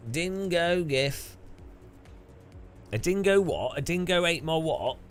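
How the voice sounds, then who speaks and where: A man's voice: fairly high pitch, big pitch swings, moderate pace, faint music behind. A man hosting a casual livestream, reading out viewer donations and reacting to them with puzzled, laughing chatter. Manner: bemused, chatty, laughs often and swears. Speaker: streamer host. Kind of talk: casual livestream chat while racing.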